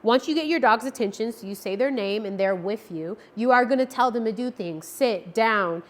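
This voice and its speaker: A woman dog trainer giving a casual lesson to camera, checking in often with a quick "okay?" and acting out her cue words in lively tones. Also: on the high side. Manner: friendly, repeats "okay?" to check understanding; acts out marker words with lively tone changes. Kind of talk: casual instructional talk to camera.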